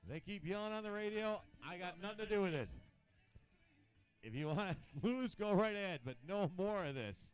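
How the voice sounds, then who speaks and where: A man's voice: high-pitched, expressive, moderate pace, smooth. A man announcing a water ski event live, joking and exasperated with competitors. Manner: joking, exasperated, chants into the mic.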